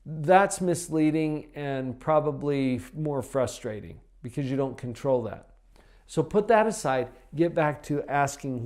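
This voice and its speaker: A man's voice: fairly high pitch, expressive, measured pace, darkish tone. Upbeat man coaching with rhetorical questions. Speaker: personal development coach. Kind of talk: motivational talk to camera.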